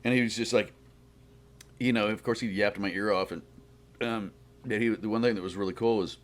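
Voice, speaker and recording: A middle-aged man, a guest actor, chatting casually and telling rambling, animated stories. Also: lowish voice, a little fast. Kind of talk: casual chat.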